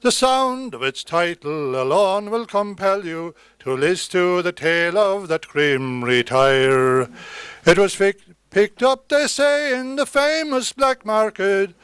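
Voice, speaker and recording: A high-pitched man declaiming a rhyming ballad at an unhurried pace. His diction is crisp and precise, and he gives every line weight. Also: a bit bright, dry recording. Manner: measured, declamatory verse. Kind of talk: recited comic ballad.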